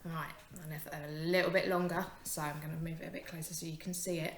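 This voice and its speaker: A young woman teacher giving a phonics lesson to young children, encouraging and sounding out words slowly. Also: deep voice, little pitch movement, roomy sound.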